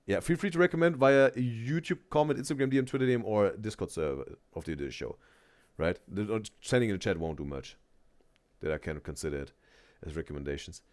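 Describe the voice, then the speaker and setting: A man with a lowish, somewhat dark voice talks fairly quickly while hosting a live reaction stream. He rambles and chats loosely, thinking out loud and speaking straight to the viewers in chat as casual commentary.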